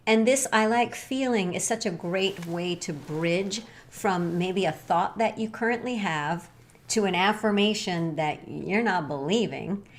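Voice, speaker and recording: A woman co-hosting a casual wellness talk show, speaking earnestly and repeating gentle affirmations. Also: fairly low pitch. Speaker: co-host.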